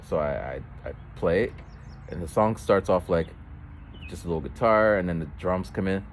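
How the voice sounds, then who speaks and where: A man with a low voice tells a long, rambling story as he walks down a street, his pitch rising and falling a lot as he talks. Passing cars and street noise are clearly heard behind him. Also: expressive, moderate pace. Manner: rambling, with false starts and voiced quotes of others. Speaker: vlogger. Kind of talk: casual storytelling while walking. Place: outdoors on a street.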